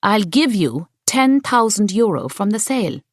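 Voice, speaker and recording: A woman's voice: mid-range voice, sing-song, moderate pace, no echo, studio quality, pitched above the performer's own voice. A woman reading the part of a cool, businesslike landlady pressing a deal. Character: cool, pushy woman landlord in a pristine suit.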